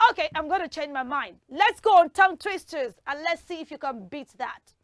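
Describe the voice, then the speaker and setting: Bubbly high-voiced woman hosting for kids. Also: expressive, very noisy. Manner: bubbly and encouraging, heaps praise on the children; draws words out slowly when teaching the tongue twister. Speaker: children's TV show host. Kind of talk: lively hosting of a kids' quiz in front of a school audience.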